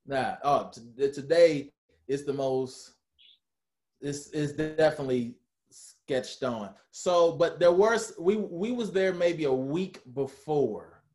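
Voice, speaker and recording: A man telling a story in a casual interview, animated and acting out what others said. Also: on the high side, slow pace. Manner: animated, acts out quotes of others. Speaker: guest, former reality TV cast member.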